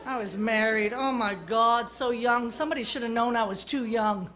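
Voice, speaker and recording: A woman's voice: on the high side, normal speed. A woman doing crude, brash stand-up comedy on a club stage, heckling the audience. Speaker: stand-up comic. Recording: live club recording with crowd laughter and noise.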